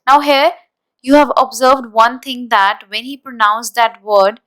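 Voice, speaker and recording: A woman teacher walking through exam answers in a deliberate, explanatory way, spelling words out slowly. Her voice is fairly high and smooth, with a resonant tone. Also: a bit bright, rough recording. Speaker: IELTS teacher. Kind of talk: exam-prep lesson.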